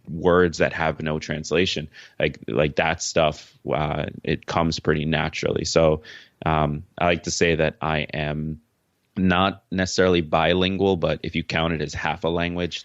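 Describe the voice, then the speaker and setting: Very deep-voiced man on a dull line. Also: dry recording. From Jamaica. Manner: relaxed, many "uh" fillers, laughs easily. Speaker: podcast host and author, guest. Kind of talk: casual interview answers. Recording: dry, dull lo-fi remote call audio.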